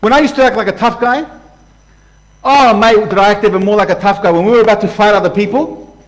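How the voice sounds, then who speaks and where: A man preaching a sermon passionately, swinging from loud outbursts to hushed lines and acting out voices. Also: sits high, fast, rough recording. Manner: acts out voices for illustration. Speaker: pastor.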